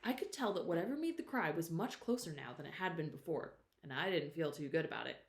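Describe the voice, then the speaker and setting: A woman's voice: low voice, expressive, fast. A woman reading a novel aloud with expression, who stops now and then to explain words to her listeners. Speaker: storyteller. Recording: roomy echo.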